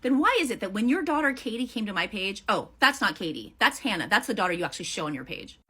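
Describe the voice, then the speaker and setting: A woman's voice: mid-range voice, very animated, fast, bright, forceful tone, slightly rough. A woman answering a critic in a heated response video, blunt and confrontational, swearing freely.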